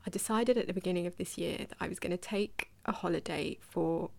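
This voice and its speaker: Woman podcaster rambling warmly into a close mic, bit of gravel and fry in her voice. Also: fairly low pitch, fairly quick. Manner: warm, chatty, digressive, asks the listener questions. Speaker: podcast host. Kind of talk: reflective solo podcast talk.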